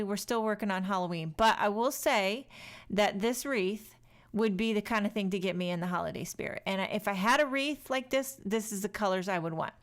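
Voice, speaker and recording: A woman's voice: mid-range voice, fairly bright tone. A woman in her thirties chatting through a craft tutorial voice-over, joking and talking straight to viewers. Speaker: card-making crafter.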